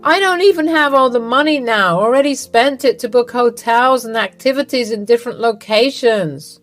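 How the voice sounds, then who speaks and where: A woman's voice: fairly high pitch, moderate pace, soft background music, voice pushed up, close to an everyday voice. A woman voicing a scheming older mother-in-law in a narrated story, indignant and pushy. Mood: panicked.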